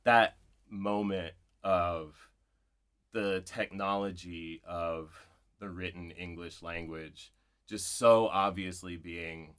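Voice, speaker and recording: A man with a very low voice talks through his ideas at a live bookshop event. He is a poet, reflective and digressive, often checking in with "right?" as he builds a thought. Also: fairly even intonation, slow, fairly bright tone, clean tone. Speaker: poet, interview guest.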